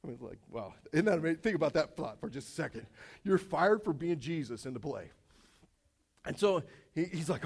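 A male preacher with a fairly high voice delivers a casual sermon. He tells stories with jokes, swinging from loud, punchy lines to quiet asides. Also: normal speed, creaky. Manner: casual, animated storytelling with jokes. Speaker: pastor.

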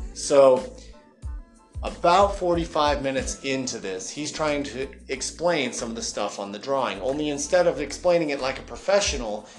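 Animated man telling a podcast story. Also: mid-range voice. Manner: animated storyteller who mimics customers in raised voices. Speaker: podcast co-host.

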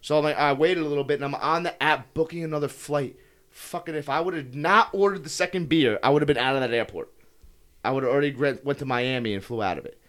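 A man's voice: a little high, quick pace, a bit bright. A young man telling a story in casual podcast chat, heated and profane, swearing constantly as he talks.

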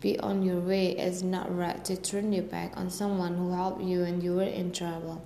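A woman's voice: fairly low pitch, little pitch movement, moderate pace, mellow, slight background noise, close to an everyday voice. Woman reading as a stern fatherly king. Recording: echoey room with faint ambience.

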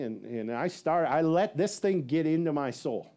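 A male pastor preaches by way of a rambling personal story, talking at a moderate pace with few pauses. He is animated, acting out what people said with big pitch jumps, and fills his telling with fillers and laughs at himself.

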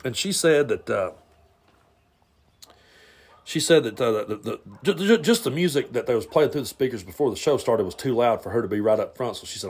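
A man's voice: lowish voice, brisk, darkish tone. A man hosting a podcast and telling a long personal story in a blunt, rambling way, often stumbling and repeating words. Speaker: podcast host. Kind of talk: casual storytelling monologue.

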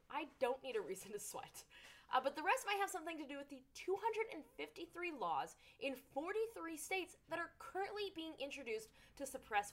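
A young woman hosting a scripted commentary show, talking in an animated, sarcastic way. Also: sits high, a little fast. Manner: animated, sarcastic, puts on silly voices for jokes. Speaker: host.

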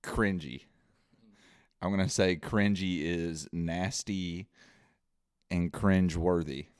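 A man's voice: deep voice, steady tone, slow pace, clear, resonant tone, no room sound, studio quality. A man co-hosting a podcast, teasing the others and joking through a quiz. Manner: jokey, teasing, giggly. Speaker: podcast co-host, quiz contestant. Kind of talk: casual podcast banter.

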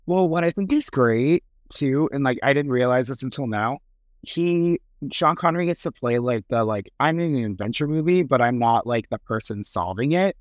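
A man's voice: mid-range voice, animated, normal speed, no room sound. Enthusiastic man podcast co-host. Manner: enthusiastic, lots of fillers, acts out quotes. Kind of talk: casual chat about a movie.

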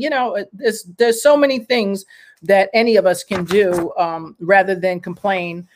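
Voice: mid-range voice, fairly even intonation, normal speed, a little hiss or hum. A host in casual conversation, upbeat and encouraging, who breaks into motivational asides.

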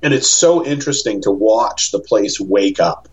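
A man, a podcast guest, telling stories in a rambling, animated chat and acting out the voices of people he quotes. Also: fairly low pitch, normal speed, dull audio. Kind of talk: casual storytelling chat.

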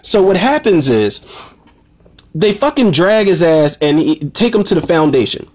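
A man's voice: on the high side, sing-song, unhurried, darkish tone. A man recapping a horror movie in a casual, profane way, ranting with feeling and calling his listeners "people". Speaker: movie reviewer.

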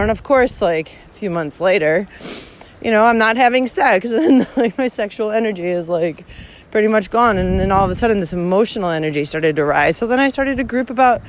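A woman's voice: medium pitch, animated, fairly quick. A woman hiking vlogger talking casually and bluntly on the trail, swearing a lot and laughing often as she rants. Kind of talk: casual rant while walking.

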